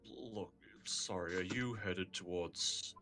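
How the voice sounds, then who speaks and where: A man voicing a hulking, weary male companion who speaks low, quiet and deadpan. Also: slow, faint music behind, exaggerated voice.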